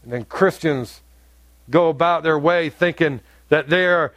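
A male pastor preaching a sermon, emphatic, his voice swinging between high loud peaks and low quiet stretches. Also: animated, unhurried, no room sound. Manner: emphatic preaching with wide swings in pitch and volume.

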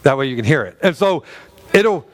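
A man's voice: on the high side, big pitch swings, normal speed. A middle-aged man preaching a sermon as pastor, chatty and joking, with frequent restarts and laughs.

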